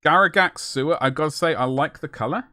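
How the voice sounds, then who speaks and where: A man's voice: fairly high pitch, fast talker, pushed and bright, no echo, studio quality. A young man chatting casually and jokingly while painting miniatures on a live stream, rambling with self-mocking asides.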